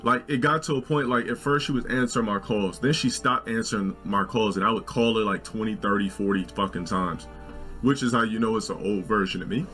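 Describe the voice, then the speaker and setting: A man in his forties telling a long personal story in a casual, profane, animated way, with faint music. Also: brisk. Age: 40s. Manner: animated, profane, jumps into shrill quoted voices. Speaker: storyteller in a video.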